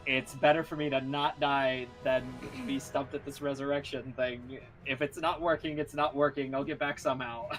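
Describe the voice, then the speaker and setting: A man's voice: medium pitch, level tone, moderate pace, hardly any pauses, fairly bright tone, soft background music, natural voice, rough recording. A man voicing a desperate male adventurer who prays and pleads while fleeing, in an exasperated tone. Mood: frustrated resolve.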